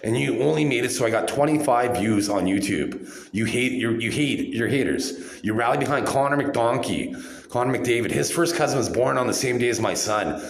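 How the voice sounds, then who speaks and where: A man's voice: fairly low pitch, slight background noise. A man in his forties delivering an angry, accusatory rant straight to the camera, repeating himself as he goes. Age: 40s. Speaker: vlogger. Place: hospital room. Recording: echoey room.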